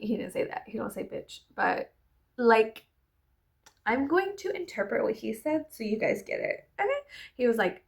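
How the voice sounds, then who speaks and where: A woman's voice: fairly high pitch, huge pitch swings, a little slow, gravelly, pauses often. A young adult woman chatting casually in a vlog, rambling, laughing often and swearing freely. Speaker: vlogger.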